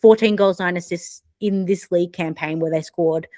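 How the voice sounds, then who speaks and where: A woman's voice: on the low side, fairly even intonation, moderate pace, mellow, dry recording, studio quality. A woman co-hosting a casual sports podcast, talking analysis and laughing often. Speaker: podcast co-host.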